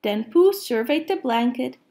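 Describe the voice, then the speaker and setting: Slow, gentle woman storyteller. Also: a little high, animated. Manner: gentle, unhurried. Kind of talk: children's storybook read-aloud.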